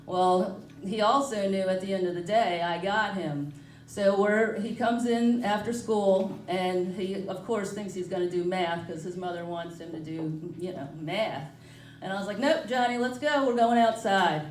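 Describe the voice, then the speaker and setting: A woman's voice: on the low side, steady tone, unhurried, recorded from a distance, slight background noise. Chatty woman doing stand-up in an echoey room. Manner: rambling storyteller, chatty and self-mocking. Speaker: stand-up comic. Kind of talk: stand-up comedy set. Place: brewery comedy night.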